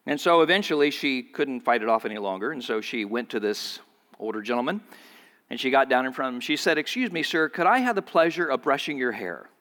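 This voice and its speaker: A man preaches from the pulpit with a bright, forceful voice, and his words ring out through a long hall echo. He tells his story in a lively way and raises his voice when he quotes the people in it. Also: fairly quick. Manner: storytelling, voices quoted speakers with pitch jumps. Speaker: pastor. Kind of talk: sermon.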